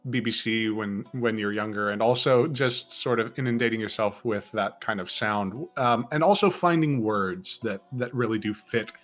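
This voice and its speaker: A man's voice: fairly low pitch, moderate pace, hardly any pauses, a bit bright. A man co-hosting a casual chat about playing characters as a game master, talking in a rambling, thoughtful way. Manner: rambling, thoughtful, full of fillers and restarts.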